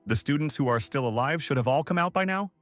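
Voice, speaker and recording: A man's voice: on the high side, animated, quick pace, a bit bright, faint music behind, voice pushed up. A man voicing an adult male teacher making offhand remarks. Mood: casual.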